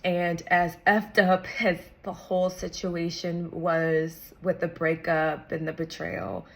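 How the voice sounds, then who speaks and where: Young woman vlogger, earnest and encouraging, casual slang, voice a bit low. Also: level tone, slow pace, creaky. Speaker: vlogger sharing a personal story. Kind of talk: heartfelt talk to camera.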